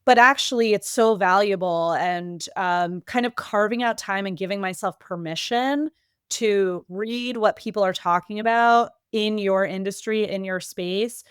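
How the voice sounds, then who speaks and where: A woman with a New England accent talking casually as a podcast guest, quick and lively with many fillers and restarts. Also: medium pitch, clear, resonant tone, no echo, studio quality. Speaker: podcast guest, marketing executive. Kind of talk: casual interview talk.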